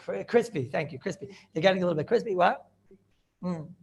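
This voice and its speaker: A man, a rabbi, giving a Talmud study lecture in an animated way, repeating phrases and asking and answering his own questions. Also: high-pitched, brisk, creaky. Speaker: rabbi teaching a class.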